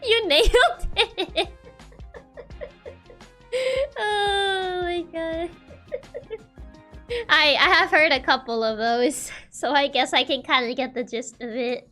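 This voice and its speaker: A woman's voice: sits high, takes it slowly, long pauses, bright, forceful tone, faint music behind. A woman chatting casually with her viewers on a livestream, giggling often between remarks. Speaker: virtual streamer.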